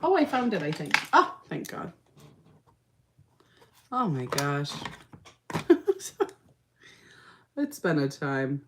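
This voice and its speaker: A tired young woman chatting through her makeup livestream, her voice low and unhurried. She swings her pitch up and down a lot and laughs between thoughts, drifting into fillers as she reads comments. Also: very animated, noisy background. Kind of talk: casual livestream chat reading comments.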